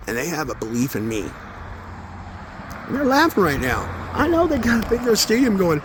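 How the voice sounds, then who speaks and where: Gravelly, swearing man rambling outdoors. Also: very high voice, wildly swooping pitch, brisk. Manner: swearing, intense, swings between mumbling and loud outbursts. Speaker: vlogger. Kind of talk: rambling spiritual monologue. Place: outdoors near traffic, walking. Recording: outdoor phone audio with street noise.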